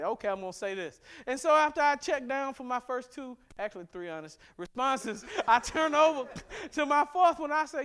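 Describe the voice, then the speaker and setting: A man, a pastor from America, preaching a sermon in a church, animated and humorous, with sudden bursts of emphasis. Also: very high voice, moderate pace, hardly any pauses, clear, resonant tone. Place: church sanctuary.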